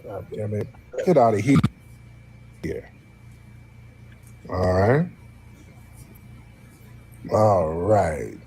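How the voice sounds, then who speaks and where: Husky-voiced guy running a call-in, blunt, teasing callers. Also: on the low side, lively intonation, drawn-out words, long pauses, mellow. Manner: blunt, mocking, questioning callers. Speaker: show host. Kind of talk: live call-in show.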